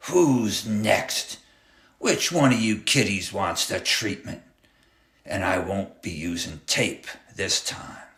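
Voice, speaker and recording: A fairly low, slightly bright male voice moves slowly as it plays a menacing clown who drives a school bus. He sneers, bosses people around and barks threats, all captured in a roomy, echoey room.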